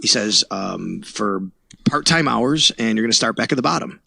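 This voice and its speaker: A man's voice: on the low side, lively intonation, moderate pace, gravelly, sharp tone, no echo. A man from Buffalo, New York, a sports reporter who is a podcast guest, telling his story animatedly and acting out quoted dialogue. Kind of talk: casual storytelling interview.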